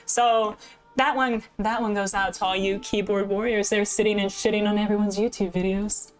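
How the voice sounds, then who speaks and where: A young woman from the American Midwest with a slightly Canadian-leaning Midwestern accent, chatting casually with her live viewers as a game streamer into a desk mic, self-deprecating and quick to laugh. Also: medium pitch, steady tone, soft background music. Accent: Midwestern American with a slight Canadian lean. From Midwest United States. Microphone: desk microphone.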